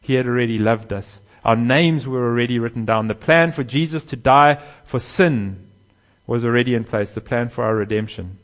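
A man preaching a sermon, swelling loud on key phrases and dropping low and soft on others. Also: moderate pace, highs cut off. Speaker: pastor.

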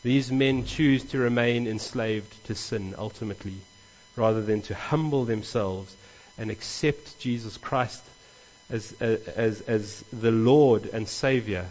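A man's voice: medium pitch, takes it slowly. Earnest male preacher, slightly dull recording. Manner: earnest, animated preaching with rising emphasis and restarts. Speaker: pastor. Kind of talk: sermon.

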